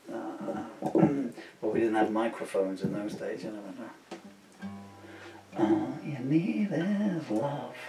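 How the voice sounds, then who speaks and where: A man's voice: on the low side, gravelly, noisy background. A man in his sixties, a singer-songwriter, talking casually between songs, rambling and indignant, with many asides. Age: 60s. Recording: roomy, distant home recording.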